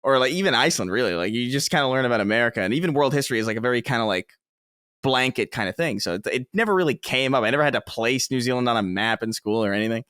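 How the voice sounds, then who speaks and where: A man's voice: medium pitch, expressive, very fast, fairly bright tone, clear, resonant tone, no echo, studio quality. A man from the Bronx telling rambling, self-mocking stories as a guest on a casual podcast, cursing freely.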